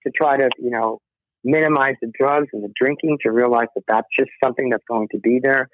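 A man's voice: mid-range voice, steady tone, fairly quick, no room sound. A middle-aged man, a rock musician guest, telling stories in a casual interview, acting out quotes and laughing often. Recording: tinny dry phone line.

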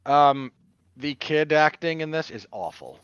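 A fairly high-voiced man whose pitch swings a lot as he argues, bluntly tearing into a film in casual podcast talk. His audio is dry and dull, with a lo-fi, muffled top end. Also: measured pace, smooth, no echo. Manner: animated, bluntly critical, argumentative. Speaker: podcast co-host film reviewer. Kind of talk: casual film review chat.

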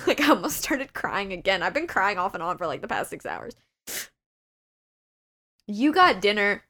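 A young woman co-hosting a casual podcast chat, telling stories in an animated way with lots of "like". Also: medium pitch, moderate pace, long pauses. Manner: animated storytelling, full of "like". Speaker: podcast co-host.

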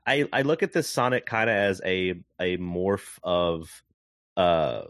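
A man with a very deep voice joins the podcast as co-host. He talks in halting casual chat and often corrects himself mid-sentence. The sound is dry and close. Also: lively intonation, fairly bright tone, no echo.

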